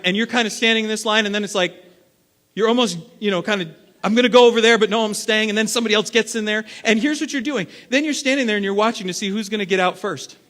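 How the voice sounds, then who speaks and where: A man preaching a sermon as lead pastor, acting out everyday scenes and swinging between loud bursts and hushed stretches. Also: high-pitched. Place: church sanctuary. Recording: long reverb of a large hall.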